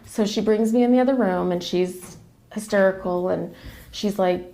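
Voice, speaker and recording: Woman with a gravelly, creaky voice. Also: mid-range voice, steady tone, moderate pace, mellow. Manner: emotional, quotes others in a run of retold dialogue. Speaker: guest. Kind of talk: personal storytelling.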